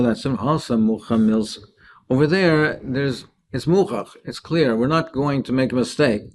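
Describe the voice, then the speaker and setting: A man's voice: medium pitch, a little mellow, slight background noise. A man teaching a daily Talmud lesson, explaining each Aramaic phrase and translating it.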